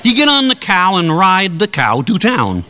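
A man telling a comic fairy tale in a drawn-out, mock-childlike way, putting on voices for the characters. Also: high voice, huge pitch swings, pushed and bright, a faint crowd. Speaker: storyteller.

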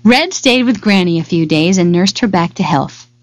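A woman narrating a fairy tale in a dramatic, expressive storybook style. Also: fairly low pitch, normal speed. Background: loud music.

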